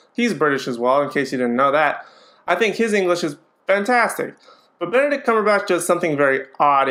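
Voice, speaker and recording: A man talks through a movie review in a loose, casual way, and his voice sits on the higher side. He sounds opinionated but hedges often, with frequent ums and restarts as he works through his thoughts. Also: a bit bright.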